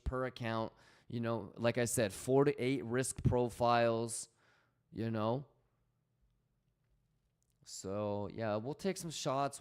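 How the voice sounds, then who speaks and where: A man's voice: medium pitch, clean tone. A man hosting a casual trading livestream, slangy and swearing freely as he reads out chat messages.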